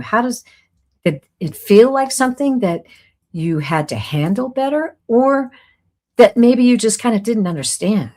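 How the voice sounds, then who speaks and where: A middle-aged woman hosting a live-streamed class as a psychic medium, talking earnestly and rambling a little, reading out viewer comments with soft laughs. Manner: warm, earnest, rambling, with soft laughs and lively pitch swings.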